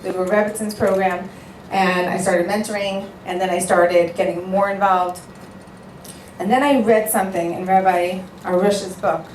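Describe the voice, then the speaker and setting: Woman speaker at an event, emphatic and heartfelt, mid-pitched, light room noise. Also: darkish tone. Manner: emphatic, storytelling, repeats for effect. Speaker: matchmaker giving a speech. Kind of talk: earnest speech to an audience. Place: event hall with a live audience. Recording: echoey hall, voice picked up from a distance.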